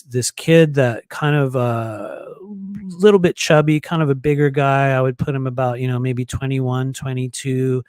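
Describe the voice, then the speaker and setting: A man's voice: mid-range voice, no room sound. A man hosting a live stream, telling a long personal story in a rambling, casual way with many fillers. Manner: rambling, filler-heavy, animated quoting. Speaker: host of a live psychic stream. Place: home in Florida.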